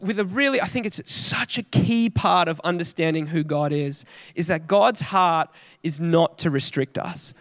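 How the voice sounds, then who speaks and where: High-voiced Australian male preacher. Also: fairly bright tone. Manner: earnest, chatty storytelling with light laughs. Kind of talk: conversational sermon.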